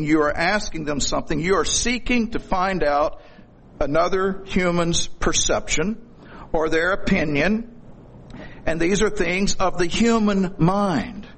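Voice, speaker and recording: A middle-aged man delivers a sermon in a folksy, storytelling manner with a corny sense of humor. His voice sits a little high for a man. A faint background noise runs under the recording. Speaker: preacher.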